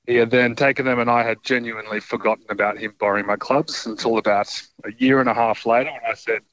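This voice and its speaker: A man's voice: medium pitch, steady tone, fast, fairly bright tone. Male caller, hesitant storyteller, muffled lo-fi line. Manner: hesitant, many ums. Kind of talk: casual storytelling.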